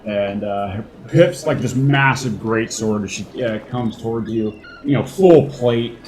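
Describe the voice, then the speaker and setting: A man running a tabletop game as dungeon master, unhurried and chuckling as he thinks aloud between dice rolls. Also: fairly low pitch, darkish tone, slight background noise.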